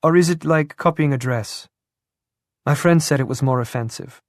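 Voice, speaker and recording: A man's voice: a little high, moderate pace, no room sound, studio quality, pitched above the performer's own voice, lightly acted. A man voicing a shy, eager young woman who speaks in a breathless, apologetic way.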